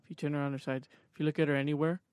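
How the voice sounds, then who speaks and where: Young male podcast co-host with a bright, joking delivery, recorded close and dry. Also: on the high side, very fast, clean tone, no room sound. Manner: joking, animated storytelling. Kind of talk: casual chat.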